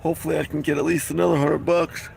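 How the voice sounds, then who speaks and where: A man's voice: fairly high pitch, flat delivery, quick pace, creaky, darkish tone, slight background noise, poor audio. A man chatting casually on a live stream, rambling and reading out viewer comments as he signs off. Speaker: vlogger wrapping up a live stream.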